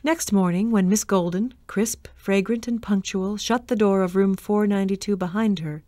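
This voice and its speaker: A woman's voice: mid-range voice, dry recording. Woman reading a ghost story, dry and close. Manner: measured, expressive reading. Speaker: reader. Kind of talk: storybook narration.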